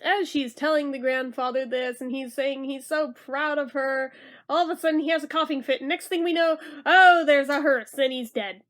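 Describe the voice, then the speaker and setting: A woman's voice: high voice, steady tone, moderate pace, a bit bright. A young woman giving a casual, sarcastic movie review, chatty and prone to swearing and mock-dramatic outbursts.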